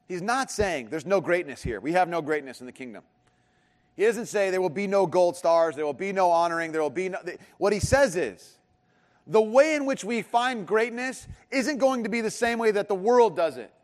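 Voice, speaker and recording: A pastor giving a conversational sermon with joking asides. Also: male voice, high-pitched. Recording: long hall reverb.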